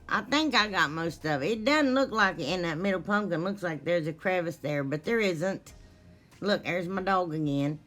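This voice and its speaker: Slow-talking woman crafter. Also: on the low side, a bit bright, soft background music. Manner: apologetic, laughing at herself, rambling. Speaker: DIY crafting vlogger. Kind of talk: casual crafting vlog narration.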